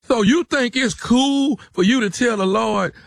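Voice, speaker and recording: A man in a radio studio making a prank call, loud, pushy and mock-angry. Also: very high voice, unhurried, gravelly, no room sound.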